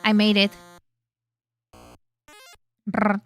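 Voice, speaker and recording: A young woman streams games from home, speaking into a close mic in a very dry room. Her voice sits high and sounds bright and clear. She talks loosely with chat, curses casually, and breaks into sudden squeals while she plays. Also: normal speed, dry recording, soft background music. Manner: chatty and cursing, reading chat aloud, bursts of squeals while playing. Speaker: VTuber streamer.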